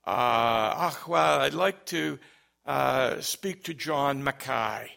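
A man voicing a bumbling Scottish man on the phone, talking in a soft, hesitant, stammering way with a put-on Scottish accent. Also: medium pitch, slow pace, creaky, full character voice. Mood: hesitant pleading.

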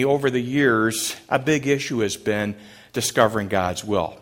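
A man's voice: medium pitch, unhurried, a bit bright. A man preaching a sermon to a congregation, in a conversational way with frequent "uh" fillers, questions to the room and light jokes. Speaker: pastor. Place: church service before a congregation.

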